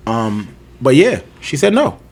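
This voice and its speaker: A man's voice: mid-range voice, wildly swooping pitch, a little slow, slightly rough. A young man telling a long personal story in casual podcast chat, loose and chatty with lots of fillers. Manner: loose storyteller, lots of "like" and "you know", laughs often. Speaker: podcast co-host.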